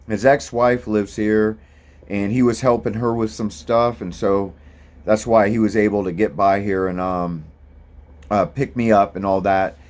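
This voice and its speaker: A man's voice: fairly low pitch, darkish tone. A man, talking casually and rambling a bit as he vlogs about his hike. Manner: easygoing, rambling, lots of ums. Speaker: thru-hiker vlogger. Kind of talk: casual vlog monologue.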